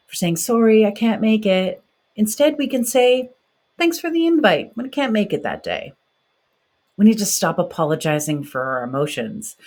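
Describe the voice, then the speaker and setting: A woman's voice: fairly low pitch, darkish tone. A woman in her forties hosting a podcast, talking directly and encouragingly in a motivational monologue. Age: 40s. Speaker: podcast host.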